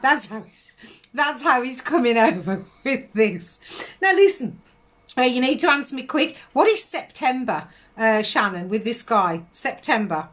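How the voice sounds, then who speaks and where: A woman's voice: fairly high pitch, very animated, measured pace, a bit bright. A middle-aged woman, giving psychic readings on a live stream in a chatty manner, laughing often and calling viewers darling.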